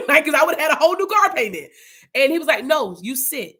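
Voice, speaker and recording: A woman's voice: high-pitched, big pitch swings, fast, bright, forceful tone. A young woman leading an informal Bible study, chatty and casual, telling personal testimony.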